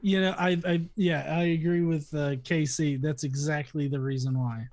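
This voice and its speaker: A man's voice: on the high side, fairly even intonation, moderate pace, a little mellow, no echo. A man who is a guest on a casual podcast chat, talking in an easygoing, agreeable way and laughing easily.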